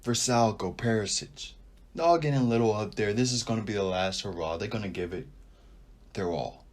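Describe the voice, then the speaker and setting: A man's voice: fairly low pitch, normal speed. A young man hosting a casual sports podcast, giving opinionated takes and thinking aloud as he goes. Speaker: podcast host.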